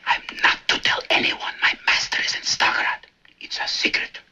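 A man's voice: high-pitched, big pitch swings, extremely slow, husky, pitched above the performer's own voice, heavily acted. An actor playing an emotional old male Russian servant, with a put-on Russian accent, on a film soundtrack. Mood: secretive whisper. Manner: sobbing joy, then hushed secretive whispering. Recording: film soundtrack with music behind.

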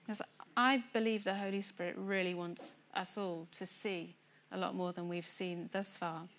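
A woman preaching a sermon to a church congregation, earnest and building to excited emphasis. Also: on the low side, moderate pace, a little hiss or hum. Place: church gathering room.

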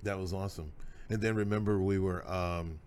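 A middle-aged man hosts a podcast conversation, his voice sitting very low. He tells his stories in a folksy, emphatic way. A faint hiss runs under the recording. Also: fairly even intonation, normal speed, darkish tone. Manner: folksy, emphatic, proud father telling stories. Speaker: host.

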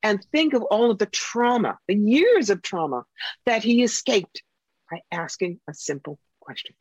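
A woman psychic and author telling stories in a casual interview, animated and acting out the voices of the people she quotes. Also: mid-range voice, moderate pace, slightly rough, no echo. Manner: animated storyteller who acts out quoted voices. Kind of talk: casual interview talk, storytelling. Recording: dull lo-fi recording.

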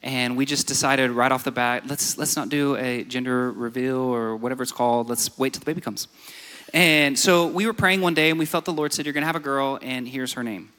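A man's voice: medium pitch, a little fast, sharp tone. A young man preaching a sermon, telling a personal story and building to emphatic exhortation. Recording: reverberant hall.

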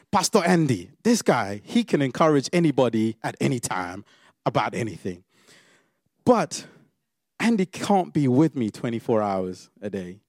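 A man preaching a sermon, swinging from loud exclamations to quiet, intimate asides. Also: medium pitch, no echo, clean studio sound.

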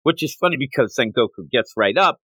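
A man co-hosting a casual podcast chat, animated and quick to act out lines from the story. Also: mid-range voice, breathy edge, no echo. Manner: animated, acts out quoted characters in passing. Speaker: podcast co-host.

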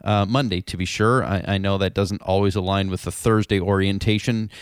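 A man's voice: sits low, fairly even intonation, fairly quick, clear, resonant tone, no echo. A man hosting a casual industry podcast in a studio, chatty and upbeat, with many fillers and restarts. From Canada. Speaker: podcast host.

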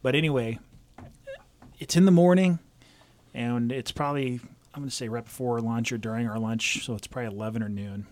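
A relaxed man on a casual podcast, unwinding a long weather story at an easy pace. He chuckles through his tale and lets his medium-pitched voice wander comfortably. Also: fairly quick, long pauses. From Southern California. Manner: laid-back storyteller, chuckles often. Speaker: podcast co-host, meteorologist.

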